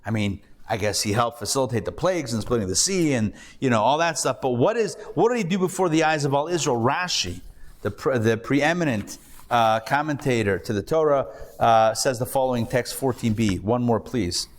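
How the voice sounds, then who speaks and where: Rabbi teaching a lively class. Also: male voice, medium pitch, brisk. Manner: animated storytelling with rhetorical questions. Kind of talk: live class lecture. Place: classroom before a live audience.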